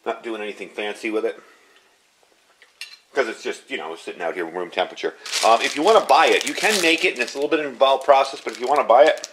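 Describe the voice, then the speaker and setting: Talking quickly in a medium-pitched voice, a man in his fifties keeps up relaxed, chatty commentary as he demonstrates a dish. There's a little hiss or hum in the recording.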